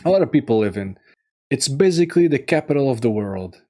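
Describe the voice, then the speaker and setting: A man giving a casual solo review, rambling and halting with many fillers and restarts. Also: mid-range voice, lively intonation, warm tone. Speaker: video game reviewer.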